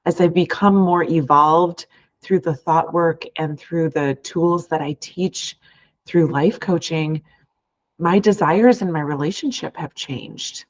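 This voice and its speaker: A woman's voice: low voice, takes it slowly, poor audio. A woman hosting a podcast as a life coach, talking earnestly and from the heart in long, flowing sentences. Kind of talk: reflective podcast monologue.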